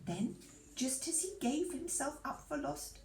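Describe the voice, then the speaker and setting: A woman reading a children's storybook aloud to a church audience in an expressive, lively manner. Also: sits high, a little slow, creaky, echoey room, background noise.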